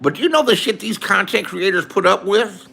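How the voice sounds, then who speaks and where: A man's voice: high voice, animated, fairly quick, vocal fry, pushed and bright, breathy edge. A man in a profane, angry rant to his viewers, repeating insults. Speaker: online streamer.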